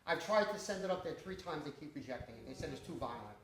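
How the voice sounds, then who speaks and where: A high-voiced man rattles off salty, laugh-filled stories about his low-budget shoots. He is caught from across an echoey screening room, the audience murmuring around him. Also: fast, far from the mic, slight background noise. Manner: profane, laughing, animated storyteller. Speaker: independent filmmaker answering audience questions. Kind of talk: casual storytelling Q&A.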